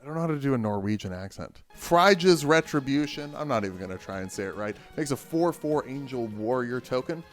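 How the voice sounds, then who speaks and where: Man, casual deck review, joking asides, animated, medium pitch. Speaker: deck tech host.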